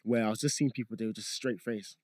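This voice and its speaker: A young man talking as a guest on a podcast, relaxed and rambling, with frequent fillers. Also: lowish voice, quick pace, dry recording. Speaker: guest, content creator. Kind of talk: casual podcast chat.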